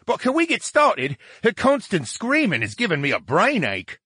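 A man's voice: sits high, wildly swooping pitch, moderate pace, bright, forceful tone, slightly rough, no room sound, clean studio sound, voice pushed up, heavily acted. A man voicing a touchy male disembodied brain, petulant and sulky, in a story reading. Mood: impatient.

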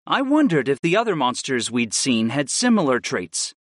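A man narrating a first-person fantasy audiobook with an expressive, varied delivery. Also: medium pitch, moderate pace, no echo, clean studio sound.

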